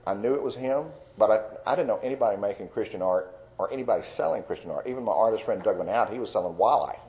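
Mellow low-voiced man telling his testimony. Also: fast talker, muffled recording. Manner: rambling, earnest, with fillers and soft laughs. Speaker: Christian artist giving a testimony. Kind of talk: personal testimony storytelling.

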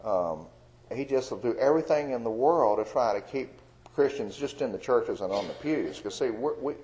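Older male evangelist, folksy storytelling testimony, mellow warm tone. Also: mid-range voice, expressive, normal speed, low-quality recording. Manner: folksy storytelling with fillers and chuckles. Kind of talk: testimony sermon.

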